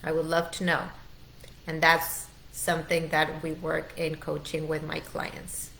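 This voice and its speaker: A middle-aged woman as a wellness coach, leading a guided training in a slow, soothing, heartfelt way. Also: sits low, monotone, gravelly, a bit bright, a little hiss or hum. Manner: slow, soothing, heartfelt, urges the listener to breathe.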